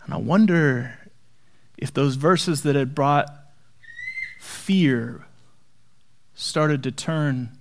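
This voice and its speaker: A man's voice: fairly high pitch, takes it slowly, long pauses. A male pastor preaching a dramatic sermon, dropping to near-whispers for emphasis and adding playful asides.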